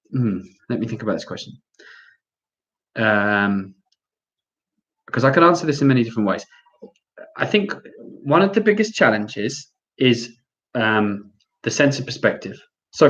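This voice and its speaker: A man with an English accent answering viewer questions in a lively, chatty live Q&A, reading each question aloud before answering. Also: mid-range voice, dull audio. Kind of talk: casual live Q&A.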